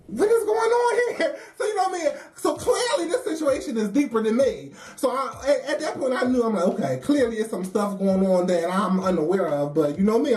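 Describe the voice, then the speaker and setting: Animated laughing woman telling a story. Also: mid-range voice. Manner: animated, laughing, acts out quoted voices. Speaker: vlogger telling a work story. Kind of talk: casual storytelling monologue.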